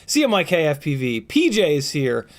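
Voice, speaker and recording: A fairly high-pitched man hosts a casual live stream from a home setup, joking loosely and rambling through viewer names with ums and throat clearing. His voice sounds tired and strained. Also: huge pitch swings, moderate pace. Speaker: livestream host.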